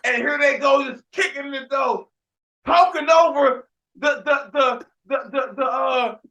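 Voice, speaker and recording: High, bright-voiced man ranting animatedly. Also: measured pace, dull audio. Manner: animated, ranting storyteller with frequent restarts; shouts for emphasis. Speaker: podcast host. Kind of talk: casual sports podcast chat.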